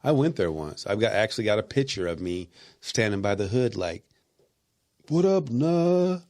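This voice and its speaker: A man's voice: lowish voice, animated, fairly quick. A man co-hosting a podcast in casual, profane banter, sounding tired and rambling. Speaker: podcast co-host.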